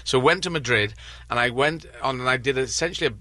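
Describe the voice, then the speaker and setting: Talk-show guest: English man, bright and forward tone, dry close mic, loose storytelling delivery. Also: mid-range voice, quick pace, dry recording. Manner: rambling, self-correcting storyteller. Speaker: comedian guest. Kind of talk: casual interview chat.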